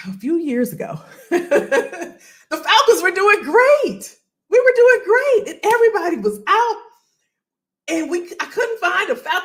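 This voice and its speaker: A woman hosting a casual live career session, playful and energetic, repeating phrases and greeting viewers by name. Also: high-pitched. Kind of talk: casual live-stream chat.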